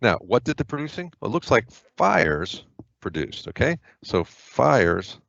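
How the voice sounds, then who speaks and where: A man's voice: medium pitch, very animated, measured pace, vocal fry, fairly bright tone, no echo, dull audio. A man teaching a grammar lesson for test prep in a chatty, informal way, with frequent fillers and offhand asides. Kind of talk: casual explanatory lesson.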